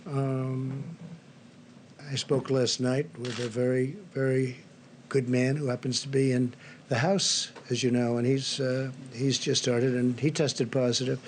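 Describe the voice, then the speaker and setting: A man's voice: mid-range voice, flat delivery, unhurried, slight background noise. An older man giving remarks at a press briefing, rambling and repetitive, piling on superlatives. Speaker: briefing speaker at press podium.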